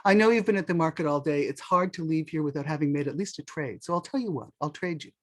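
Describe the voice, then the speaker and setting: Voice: medium pitch, quick pace, natural voice. A storyteller playing a scheming market merchant who coaxes and wheedles. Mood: wheedling. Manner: coaxing, wheedling.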